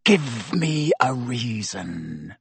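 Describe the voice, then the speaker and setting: A man's voice: a little high, very animated, slow, gravelly, a bit bright, husky, no room sound, exaggerated voice. A man voicing a cold, vindictive middle-aged male schoolteacher who speaks silkily and hisses. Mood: hushed threat. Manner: silky, hissing, rising to shrieks.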